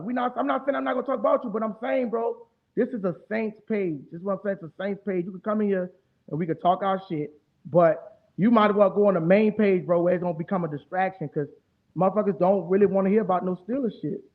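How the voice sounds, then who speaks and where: A man's voice: high voice, fast. A man from New Orleans with a New Orleans accent, hosting a casual live stream and talking in a profane, rambling, heated way. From New Orleans, Louisiana. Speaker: streamer host. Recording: tinny phone-like audio.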